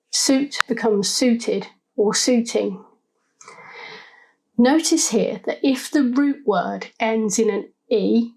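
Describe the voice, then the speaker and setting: Slow, deliberate woman teaching spelling. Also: mid-range voice, poor audio. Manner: slow, deliberate, sounds out syllables. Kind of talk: scripted instructional narration.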